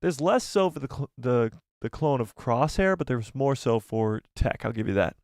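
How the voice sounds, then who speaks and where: A man's voice: medium pitch, expressive, normal speed, a little mellow, dry recording, clean studio sound. A man hosting a casual live stream, reading viewer comments aloud and reacting in a jokey, chatty way.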